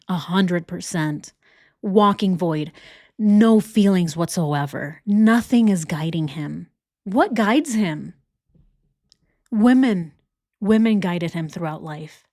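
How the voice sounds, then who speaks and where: A woman's voice: lowish voice, warm tone, dry recording, studio quality. A woman hosting a casual reaction commentary, indignant, firing off rhetorical questions and repeating herself. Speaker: reaction channel host.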